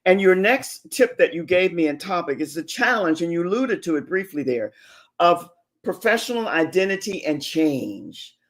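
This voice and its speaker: A man's voice: high-pitched, sing-song, normal speed, fairly bright tone. A male host of a livestream interview, effusive and enthusiastic, often repeating affirmations.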